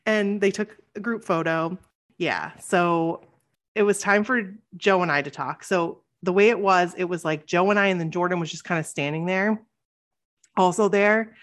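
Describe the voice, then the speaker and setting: A woman podcast host telling a story in casual chat, acting out quoted lines with lively voice changes. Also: lowish voice, normal speed. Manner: animated, acts out quotes with shifting voice.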